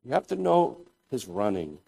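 A man preaching a sermon, deliberate and thoughtful, often pausing and restarting his phrases as he explains scripture. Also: medium pitch, sing-song, creaky, dark tone. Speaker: pastor.

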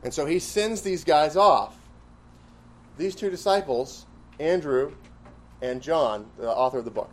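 Fairly high-voiced man teaching a Bible class. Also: measured pace, pauses often. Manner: repeats key phrases for emphasis; asks the class questions.

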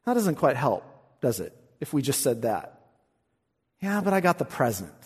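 A pastor preaching an expository sermon in a church, swinging between emphatic lines and hushed asides and asking rhetorical questions. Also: male voice, medium pitch, sing-song, moderate pace, husky, in a large hall. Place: church sanctuary.

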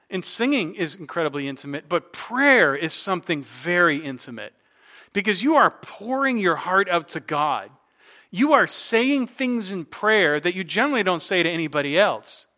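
Bright, high-voiced man preaching. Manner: conversational preaching with rhetorical questions and laughs. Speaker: pastor. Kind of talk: sermon.

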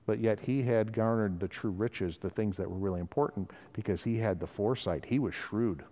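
A man's voice: on the low side, brisk, mellow, long reverb tail, lo-fi sound. A man preaching a sermon in a conversational way, often acting out the voices of people he quotes. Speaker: pastor.

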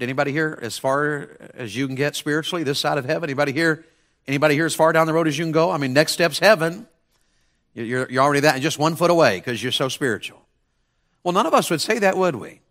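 Man, revival sermon, bright forceful voice, folksy preacher, loud shouts and hushed asides. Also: medium pitch. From mountain region of the American South. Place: church sanctuary with congregation.

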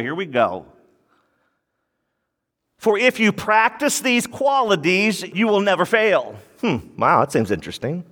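A man's voice: high-pitched, a bit bright, long reverb tail. A male pastor preaching a sermon in an emphatic, conversational way, often repeating himself as he works through a passage.

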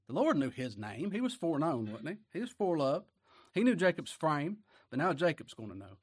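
Very animated and fast, with a husky voice, this preacher gives a folksy sermon. He poses rhetorical questions and alternates booming declarations with hushed asides.

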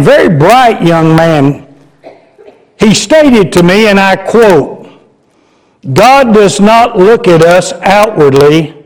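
Slow folksy older preacher. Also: male voice, on the high side, a little mellow, low-quality recording. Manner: slow folksy storytelling, chuckling. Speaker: guest preacher. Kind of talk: sermon. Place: church sanctuary.

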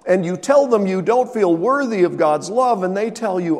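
A man's voice: high voice, lively intonation, moderate pace, few pauses, darkish tone, in a large hall. An older man preaching a sermon as pastor, telling a story and acting out the dialogue with emphatic rises.

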